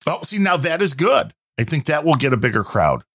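A man's voice: on the high side, brisk, no echo, studio quality. A man hosting a casual podcast, joking and teasing his co-hosts. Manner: animated, joking. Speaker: podcast host.

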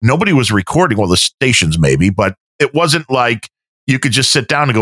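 A man co-hosting a podcast, telling stories in a measured casual chat. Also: lowish voice, big pitch swings, a bit bright, no room sound, clean studio sound. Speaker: podcast co-host.

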